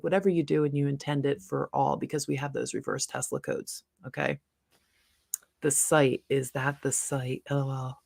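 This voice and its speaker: A woman's voice: lowish voice, vocal fry, darkish tone, dry recording, studio quality. A middle-aged woman hosting a casual livestream, chatty and rambling, laughing often between asides. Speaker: livestream host.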